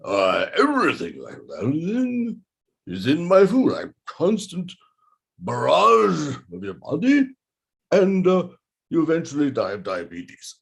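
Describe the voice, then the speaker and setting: A man voices a rambling chef who piles on sugar and lard, husky and slow with a wildly swinging pitch. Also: heavily acted. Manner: rambling, hesitant. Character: sugar-loving lard-heavy male chef.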